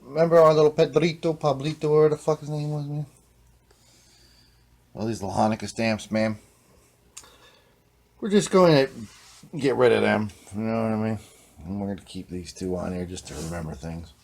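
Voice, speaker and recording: A man hosting a casual workshop vlog in a laid-back, rambling voice. He tacks "man" onto nearly every sentence and sometimes sinks into quiet muttered whispers. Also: lowish voice, moderate pace, creaky, pauses often. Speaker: vlog host, guitar repairer.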